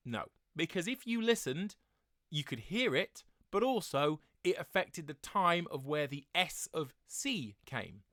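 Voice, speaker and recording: A man directing a choir, explaining breathing in a relaxed tutorial with many fillers. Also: fairly high pitch, unhurried, no room sound, clean studio sound, soft background music.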